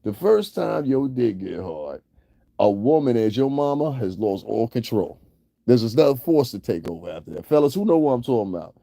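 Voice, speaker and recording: A man's voice: mid-range voice, big pitch swings, moderate pace, vocal fry, mellow, dry recording, clean studio sound. A man hosting a livestream, talking crudely and casually to his chat, roasting viewers and laughing often. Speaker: livestream host. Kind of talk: casual profane commentary to chat.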